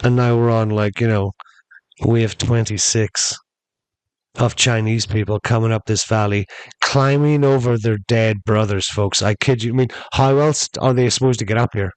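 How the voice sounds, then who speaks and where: With a smooth, low-leaning voice, fairly even intonation and a moderate pace, a man hosts a podcast and spins a long, meandering story, calling listeners folks. There's no echo, but the recording is rough.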